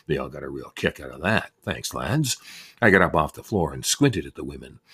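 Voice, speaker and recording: A man telling a first-person story in a wry, unhurried way. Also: very deep voice, slightly rough.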